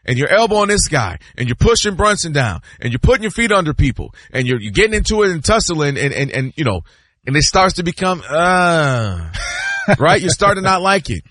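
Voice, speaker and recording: A man debating basketball on a sports show, emphatic and lively, acting out players and fans as he argues. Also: on the high side, dry recording. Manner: emphatic, acts out players and fans in quick voices.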